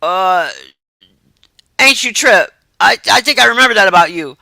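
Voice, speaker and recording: A woman's voice: medium pitch, animated, normal speed, vocal fry, pushed and bright, dry recording. A woman hosting a livestream, chatting loosely and reacting to messages from her chat. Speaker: livestream host.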